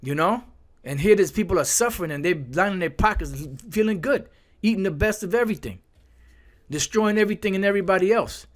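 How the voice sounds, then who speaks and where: A man's voice: sits high, animated, fast talker. A man preaching angrily from scripture, swearing hard and stumbling over repeated words as he drives each point home. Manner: fiery, profane, repeats words while building a point. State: angry. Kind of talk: angry scripture commentary.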